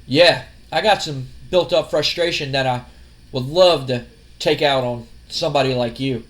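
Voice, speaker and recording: A man voicing a calm, self-assured male wrestler in a laid-back, dismissive way. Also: mid-range voice, moderate pace, natural voice. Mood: cool. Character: cool, confident male wrestler.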